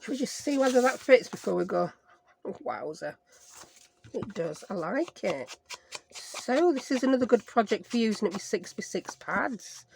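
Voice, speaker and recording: Chatting her way through a craft project, a craft vlogger with a Sheffield English accent rambles, jokes at her own expense, and invents playful words. Her voice sits on the high side, expressive and creaky, at normal speed, with slight background noise.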